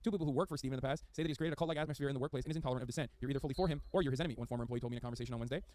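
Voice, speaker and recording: A man's voice: medium pitch, racing, warm tone, no room sound. A man streaming a reaction, reading an article aloud and breaking off with exasperated, profane commentary.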